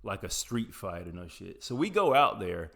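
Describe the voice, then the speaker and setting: A man's voice: low-pitched, big pitch swings, normal speed, creaky, fairly bright tone. A young adult man from Appalachia telling a personal story in a casual, rambling, profane way, with frequent tangents.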